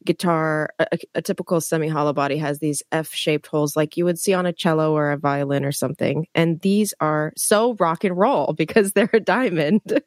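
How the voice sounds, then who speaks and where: Low-voiced woman host. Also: moderate pace, few pauses, no echo, clean studio sound. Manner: relaxed and curious, with ums. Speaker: podcast host. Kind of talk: casual interview chat.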